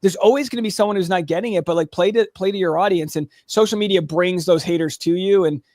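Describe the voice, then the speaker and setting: A man with a notably high voice tells stories in a casual podcast interview. He talks animatedly, full of quick restarts and asides. He sounds close and dry on the mic, with no room sound. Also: darkish tone, no room sound. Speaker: comedian and podcaster, guest.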